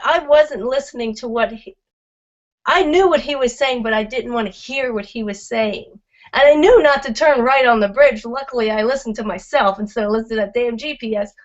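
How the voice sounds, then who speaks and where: A woman in a casual group chat, rambling and chatty and quick to laugh. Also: fairly high pitch, muffled recording. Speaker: group participant.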